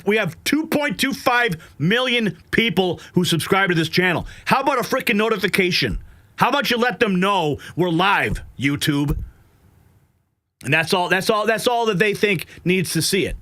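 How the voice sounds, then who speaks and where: A man's voice: a little high, bright, forceful tone, dry recording. A man hosting a live political news stream, frustrated and agitated, sighing and swearing between headlines. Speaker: livestream news host.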